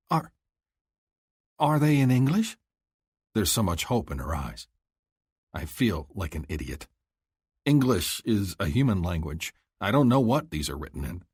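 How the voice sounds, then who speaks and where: Brief: husky, animated male narrator for a romance audiobook. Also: low voice, no room sound, studio quality.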